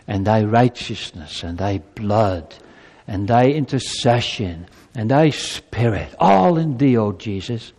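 Slow-preaching pastor man in a reverberant hall. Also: lowish voice, lively intonation, a little mellow. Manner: preaching with rising fervor and quoted scripture. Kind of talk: sermon. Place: church sanctuary.

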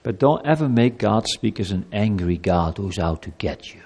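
A man preaching a sermon as pastor, animated, sometimes speaking God's words in a pleading tone. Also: fairly low pitch, normal speed. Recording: long hall reverb.

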